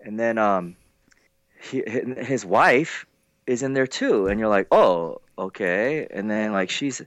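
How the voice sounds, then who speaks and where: A man's voice: unhurried, no room sound. A man calling into a podcast over a video call from home, chatting casually and telling stories animatedly. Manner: animated storyteller, jumps to high pitch in quoted lines. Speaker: guest calling in. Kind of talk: casual chat.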